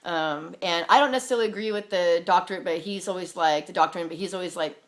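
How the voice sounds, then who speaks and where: A woman with a slightly low voice, rambling on camera in a loose, unscripted monologue. She swears freely and keeps restarting her sentences, padding them with fillers, and comes across as candid and defiant. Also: fast. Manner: profane, many "like" fillers and restarts. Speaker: vlogger sharing spiritual stories.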